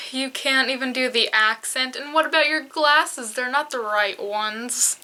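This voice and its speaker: A woman's voice: sits high, measured pace, bright, forceful tone. A woman voicing a condescending male convention fan who lectures and nitpicks in a pushy, demanding way.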